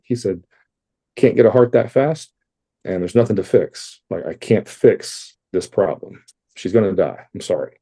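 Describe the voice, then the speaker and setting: Middle-aged man, low voice, very dark tone, candid storytelling, interview guest. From Texas, USA. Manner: candid and conversational, with frequent fillers and blunt asides. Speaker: podcast guest.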